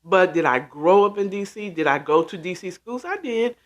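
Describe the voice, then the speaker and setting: A middle-aged man from the D.C. area, born in the city and raised in Maryland, hosts a relaxed livestream chat. Speaking high and expressively at a moderate pace, he rambles to viewers and says um a lot.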